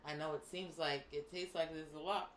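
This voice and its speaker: Boston woman co-host, animated chat, laughs a lot, mid pitch, roomy room with faint hiss. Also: normal speed. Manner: animated, laughs often, drops Spanish exclamations. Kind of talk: casual mukbang chat.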